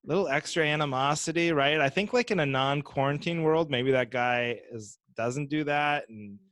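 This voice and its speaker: A man co-hosting a podcast in casual chat, animated and acting out mocking voices. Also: on the high side, moderate pace, no echo, studio quality. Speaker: podcast co-host.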